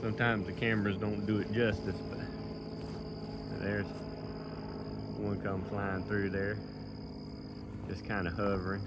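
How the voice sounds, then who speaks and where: The speaker is a middle-aged man filming his dove field on a handheld camera while walking a rural field, narrating a casual vlog. His lowish voice comes out flat and measured, broken by frequent pauses, in a folksy, rambling style heavy with fillers, and he is a little out of breath. The recording is very noisy.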